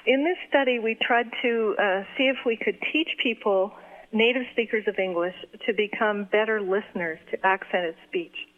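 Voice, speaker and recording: Woman professor, measured explanatory tone, thin phone-like sound. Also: mid-range voice. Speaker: professor of second-language education. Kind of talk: explanatory interview talk. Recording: phone-like narrow band.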